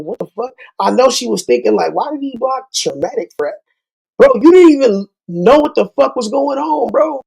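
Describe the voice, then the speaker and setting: A man's voice: high voice, vocal fry, dark tone, slightly rough, poor audio. A man hosting his own channel, delivering a heated, profane rant straight to his viewers and slipping rhymes into it. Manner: heated, profane, rhyming asides. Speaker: channel host. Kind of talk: ranting monologue to viewers.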